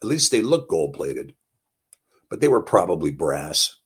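A man narrating a story in a folksy, unhurried way. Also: a bass voice, big pitch swings, slightly rough. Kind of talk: scripted narration.

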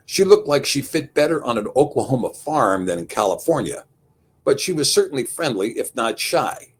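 A man narrating a story in a folksy, unhurried way. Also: mid-range voice, sing-song, breathy edge. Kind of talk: scripted narration.

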